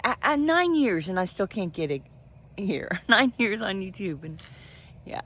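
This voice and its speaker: This woman's medium-pitched voice is sing-song, unhurried and fairly bright. Doing yard work outside, the vlogger rambles chattily into a handheld camera held near her face, laughing a lot and sometimes running short of breath.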